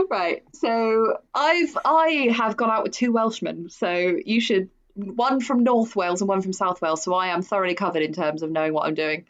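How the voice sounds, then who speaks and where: A chatty woman co-hosting a true crime podcast, loose and conversational. Her pitch is middling, and the sound is a little dull and lo-fi. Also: normal speed. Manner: chatty, with frequent fillers and laughs. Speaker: podcast co-host.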